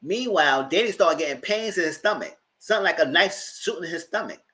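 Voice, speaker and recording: A man's voice: fairly high pitch, big pitch swings, a little fast, sharp tone. A man hosting a live TV recap, telling the episode's story dramatically with slang asides and heated commentary. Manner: colorful and heated, swears in his commentary. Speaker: TV reviewer and channel host.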